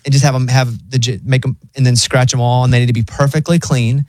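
A man's voice: medium pitch, little pitch movement, fast, darkish tone, dry recording. A male radio host with a mid-range voice who reads news items and then jokes about them in a loose, chatty way. He sounds close and dry on a studio mic. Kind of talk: casual chat, reading news stories.

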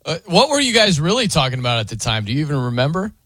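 A man's voice: fairly high pitch, rapid-fire, slightly rough, no echo, studio quality. A man hosting a sports radio show, chatting casually with his producer and often mimicking how people say words. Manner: animated, mimics others' pronunciations. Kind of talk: casual studio banter.

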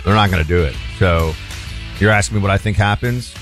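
A man's voice: sits low, a little fast, a bit bright, faint music behind. A man hosting a call-in radio talk show, chatting loosely with many fillers and restarts.

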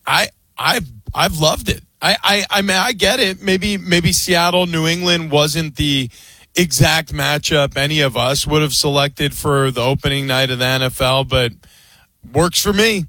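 A man with a fairly high, bright voice co-hosts a sports radio show. He talks casually and stumbles into frequent restarts. The sound is dry and close. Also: unhurried, no room sound.

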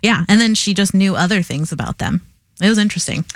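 A young woman chatting as a guest on a radio talk show. She tells her stories in a giggly, lively way. Her voice sits in a middle pitch and the studio sound is close and dry. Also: fast talker, no echo. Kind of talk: casual chat.

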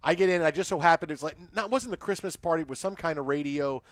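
A man hosting a sports radio show, with a fairly high voice and a close, dry sound. He rambles through anecdotes with plenty of fillers and restarts. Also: racing, dry recording. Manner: rambling storyteller with many fillers.

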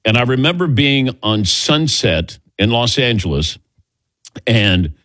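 Lively chatty male radio host. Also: medium pitch, no echo. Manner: chatty, animated storytelling with quick laughs. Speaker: sports talk radio host. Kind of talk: casual morning radio banter. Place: radio studio.

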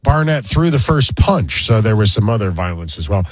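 A man's voice: on the low side, big pitch swings, normal speed, no echo, rough recording. A man co-hosting a radio show, reading sports headlines and chatting about them casually. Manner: reads headlines then riffs dryly. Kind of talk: casual talk radio banter, reading news items.

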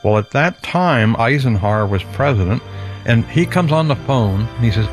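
Older guy telling a story from his life, plays all the voices, animated. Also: mid-range voice, normal speed, soft background music. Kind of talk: personal storytelling.

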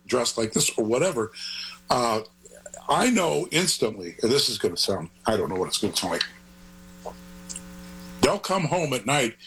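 A man's voice: medium pitch, fairly bright tone, slightly rough, low-quality recording. An older man, a grandfather, talking as an author guest in an interview, rambling and earnest in a digressive way. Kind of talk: conversational interview.

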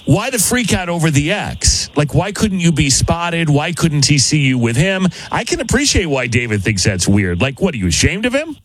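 A man hosting a morning radio show, questioning a caller in a brisk, teasing way over the phone. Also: on the high side, sing-song, husky, low-quality recording. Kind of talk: morning radio prank-call chat.

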